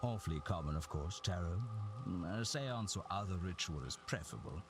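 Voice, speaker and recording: A snobbish gravelly old gent. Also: male voice, sits low, expressive, fairly quick. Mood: condescending. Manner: condescending, refined. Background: background music.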